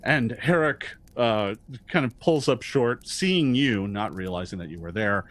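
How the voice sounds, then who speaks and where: A man narrating as game master of a tabletop game, halting and full of restarts. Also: mid-range voice, expressive, fairly bright tone. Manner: hesitant, full of fillers and restarts.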